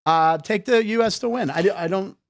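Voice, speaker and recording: High-voiced guy hosting sports chat, jokey banter, dry close mic. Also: no room sound. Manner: joking, quick banter with stammered restarts. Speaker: host. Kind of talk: casual sports talk.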